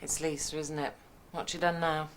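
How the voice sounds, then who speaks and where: An actress playing a motherly woman who gently coaxes a young girl in a soothing way. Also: sits low, level tone, moderate pace, slight background noise, close to an everyday voice. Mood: gentle. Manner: soothing, coaxing. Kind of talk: TV drama acting.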